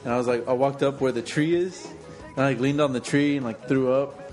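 A man at an ordinary pitch spins a rambling story for his friends, full of fillers and false starts. Quiet music runs in the background. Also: fairly even intonation, a little fast. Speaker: podcast co-host. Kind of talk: casual chat among friends.

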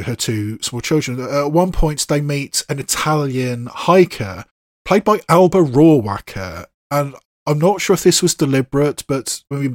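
A man's voice: mid-range voice, no room sound. A man giving an unscripted film review, talking in a thoughtful, digressive way with frequent asides. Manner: thoughtful, digressive, with filler phrases.

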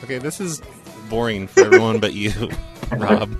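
A man's voice: fairly low pitch, sing-song, moderate pace, vocal fry, soft background music. A man hosting a prank call show in casual chat, brash, laughing and swearing freely.

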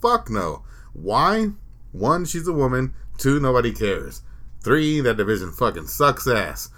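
A man's voice: mid-range voice, big pitch swings, measured pace, a bit bright. A man hosting a casual podcast chat, profane and opinionated, often laughing.

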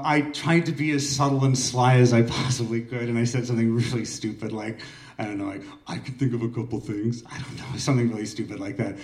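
Oregon guy in his 40s hosting an open mic, swears a lot, talks loose and casual, mid-pitched voice, roomy echo. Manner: rambling, self-deprecating, swears freely. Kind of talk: casual personal storytelling. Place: small art gallery room. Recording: echoey room, mic far off.

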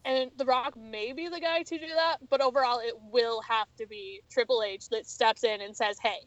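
A woman with a somewhat high voice joins a casual wrestling chat, blunt and a little exasperated in her opinions. The sound is dry and slightly muffled. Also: normal speed, no echo. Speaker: podcast co-host.

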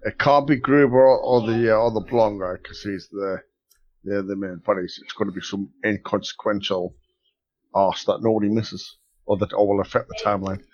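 Low-voiced player thinking aloud. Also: male voice, steady tone, moderate pace, a little mellow, lo-fi sound. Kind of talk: casual chat at a game table.

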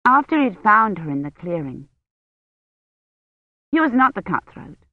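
A woman narrating an audiobook in a measured, steady reading voice. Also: mid-range voice, dry recording. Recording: dull, dry studio read.

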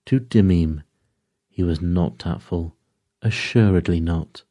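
A man's voice: deep voice, slow pace, mellow, dry recording, studio quality. A man voicing a fussy, courteous little male detective who drops French phrases and speaks dryly. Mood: animated.

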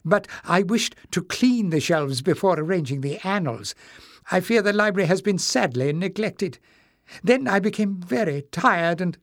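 A man's voice: high voice, lively intonation, moderate pace, dry recording, studio quality, pitched above the performer's own voice. A man voicing a fussy, chattering old male librarian who talks eagerly and apologetically. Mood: apologetic. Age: older.

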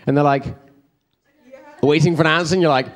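A man's voice: fairly high pitch, steady tone, fairly quick. Chatty man teaching a church group. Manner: chatty, rambling, checks in with the room. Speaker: preacher.

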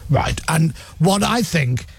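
A man's voice: on the high side, animated, slow pace, vocal fry, breathy edge, no room sound. A man hosting a radio talk show, giving his blunt opinions and mocking a politician. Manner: mocking, does voices of politicians. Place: radio studio.

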